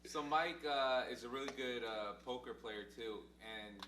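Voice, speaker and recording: A man's voice: medium pitch, measured pace, pushed and bright. A man co-hosting a podcast, summarizing a story in a plain, matter-of-fact way. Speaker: podcast co-host. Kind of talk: casual chat. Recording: distant mic in an echoey room with hum.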